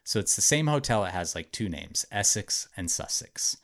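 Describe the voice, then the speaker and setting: A man's voice: on the low side, expressive, normal speed, vocal fry, fairly bright tone. A man hosting a podcast, telling a true story to friends in a chatty way, with lots of "like" and "um". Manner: chatty, hedging with frequent "like" and "um". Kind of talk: casual storytelling narration.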